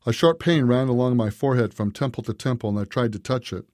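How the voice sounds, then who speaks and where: A man reading a story aloud as narrator, in a measured, even way. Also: mid-range voice, no echo, clean studio sound. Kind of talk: scripted narration.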